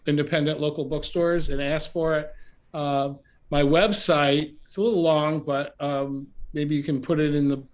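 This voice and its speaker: A man being interviewed as an author on a podcast, talking in a gentle, unhurried way with frequent fillers and restarts. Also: fairly high pitch. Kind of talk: reflective interview talk. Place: remote call from home.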